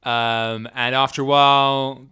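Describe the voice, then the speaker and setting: A game master narrating a tabletop game scene in an unhurried, descriptive way with frequent fillers. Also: medium pitch, flat delivery, bright, forceful tone, clean tone.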